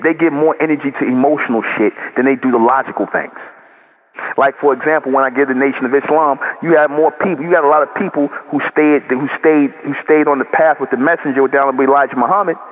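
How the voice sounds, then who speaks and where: A man giving an impassioned, profane spoken monologue to his channel's audience, repeating his points and often ending lines with "man". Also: on the high side. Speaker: channel host. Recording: tinny phone-like audio with long reverb.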